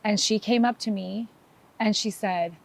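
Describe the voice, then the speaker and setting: A woman's voice: medium pitch, a little slow, vocal fry. A middle-aged woman, a sheriff's wife, retelling a story in an interview with emotion and quoted dialogue.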